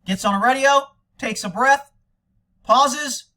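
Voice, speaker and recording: A man's voice: very high-pitched, slow pace, pushed and bright, slight background noise. An American man giving angry, indignant commentary over police video, ranting at length.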